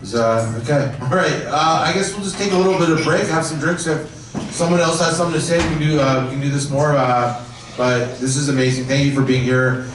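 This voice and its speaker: A man's voice: on the high side, brisk. A man hesitantly wrapping up a memorial show and calling a break. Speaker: host. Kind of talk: closing remarks. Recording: echoey hall from far off, noise.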